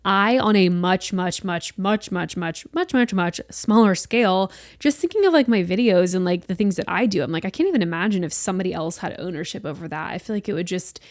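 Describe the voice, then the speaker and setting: A woman in her late twenties hosting a solo podcast, chatting in an animated way and swearing casually. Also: fairly low pitch, fairly quick, few pauses, no echo, clean studio sound. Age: late 20s. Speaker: podcast host.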